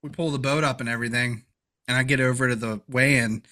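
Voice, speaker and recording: A man with a mid-range voice talks fast as co-host of a casual fishing podcast. An animated storyteller, he shares fishing-day stories and laughs hard throughout the chat.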